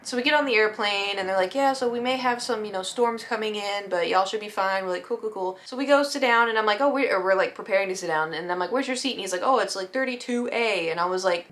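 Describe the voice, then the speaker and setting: A young woman vlogger telling a travel mishap story in a casual, animated way, acting out what people said. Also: mid-range voice, fast talker, hardly any pauses, a little hiss or hum. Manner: animated, acts out quoted voices.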